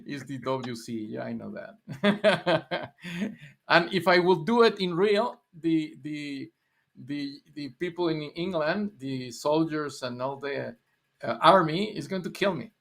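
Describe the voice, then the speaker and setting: A man's voice: a little high, lively intonation, slow pace, creaky, fairly bright tone. A man in his sixties from Mexico, Spanish-accented, rambling through stories in a casual livestream chat with frequent laughs and repeated words. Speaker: livestream guest.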